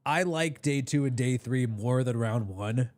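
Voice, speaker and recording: A man hosting a live draft reaction stream, talking casually and rambling with lots of restarts, his voice a bit hoarse. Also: mid-range voice, normal speed, a little mellow, no echo. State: slightly hoarse.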